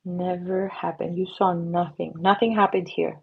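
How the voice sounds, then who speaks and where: A woman's voice: on the low side, little pitch movement, moderate pace, gravelly, husky, muffled recording. A middle-aged woman hosting a casual livestream while she paints, chatty and playful, slipping into silly voices and whispers. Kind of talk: casual live-stream chat while painting. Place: at her painting desk.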